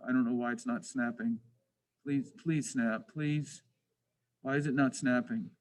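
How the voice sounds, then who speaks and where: Man, drafting tutorial, thinks out loud, restarts a lot, questions himself, grumbles at mistakes. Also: medium pitch, low-quality recording. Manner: thinks aloud, self-questioning, full of restarts; frustrated, self-deprecating asides. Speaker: teacher. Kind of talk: screen-recorded drafting tutorial.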